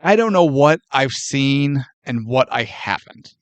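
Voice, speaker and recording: A man co-hosting a movie podcast, chatting casually and acting out quoted lines with lively laughter. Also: mid-range voice, a little slow, no room sound. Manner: animated, laughs often, acts out quoted lines. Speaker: podcast co-host.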